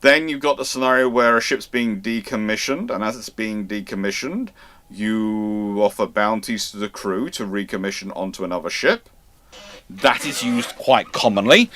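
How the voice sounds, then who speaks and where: Bright-voiced man explaining naval history. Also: lowish voice, moderate pace, dry recording. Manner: conversational, digressive explaining. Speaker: host. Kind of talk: live-stream history lecture.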